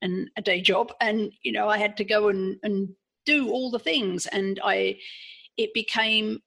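Frank English woman, gravelly husky voice. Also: medium pitch, steady tone, a little slow, a bit bright. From England. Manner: earnest, frank, with frequent restarts. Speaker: podcast guest. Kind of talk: personal storytelling in an interview.

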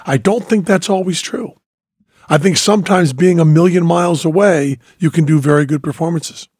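A man's voice: fairly high pitch, normal speed, a little mellow, husky, no echo, clean studio sound. A man hosting a podcast, telling stories in a reflective way with many fillers and restarts. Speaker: podcast host. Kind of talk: casual conversation.

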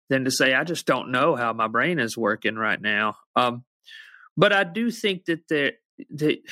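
A man's voice: medium pitch, pushed and bright, no room sound. A man musician as a podcast guest, talking in a wry, reflective, joking way. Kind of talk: casual podcast conversation.

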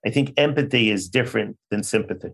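Older man, animated psychiatrist storyteller. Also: on the low side, quick pace. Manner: animated storyteller acting out quoted dialogue. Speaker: child psychiatrist, podcast guest. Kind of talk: conversational interview storytelling.

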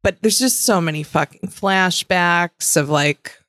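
A woman's voice: lowish voice, unhurried, fairly bright tone, no echo, clean studio sound. A woman co-hosting a podcast, recapping a TV series in blunt, casual chat that swears freely. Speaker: podcast co-host.

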